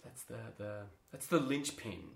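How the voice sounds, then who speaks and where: A man, a drama teacher, chatting as an interview guest. He tells stories in an animated way, laughs often and restarts his sentences. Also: mid-range voice, measured pace, gravelly, a crowd in the background. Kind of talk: casual interview chat. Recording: roomy echo.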